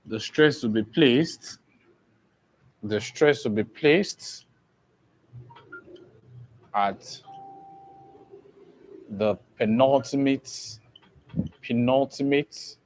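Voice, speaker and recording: Heard over poor audio, a man with a mid-range, somewhat mellow voice runs an online exam-prep lesson at an unhurried pace. He restates each point several times and frequently checks with "okay?" that his students are keeping up.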